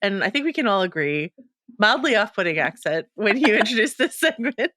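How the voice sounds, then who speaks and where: A woman's voice: medium pitch, sing-song, a little fast, bright, forceful tone, no room sound, clean studio sound. A woman co-hosting a casual pop-culture podcast, playful and wordy with many fillers and rambling asides. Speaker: podcast co-host.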